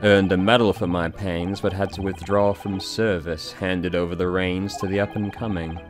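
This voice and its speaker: A man's voice: deep voice, little pitch movement, normal speed, music in the background, lightly acted. A man voicing a blustering older retired soldier, hearty and pompous, full of old-fashioned phrases.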